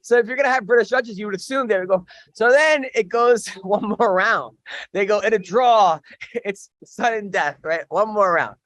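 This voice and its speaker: High-voiced chatty male podcast co-host. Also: moderate pace, a bit bright, no echo. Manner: chatty, laughs often, rambling restarts. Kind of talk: casual sports banter.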